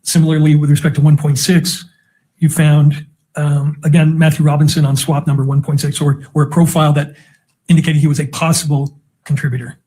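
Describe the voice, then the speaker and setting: A man's voice: on the high side, flat delivery, brisk, warm tone. A man cross-examining a witness in a courtroom with methodical, leading questions. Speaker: defense attorney.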